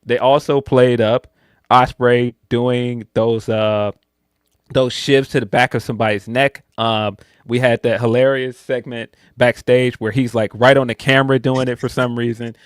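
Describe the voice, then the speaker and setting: A man's voice: mid-range voice, normal speed, smooth, no echo, clean studio sound. A man co-hosting a podcast, chatting casually through a wrestling review and jumping into joking voices. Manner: animated, slips into loud slangy put-on voices for jokes. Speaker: podcast co-host.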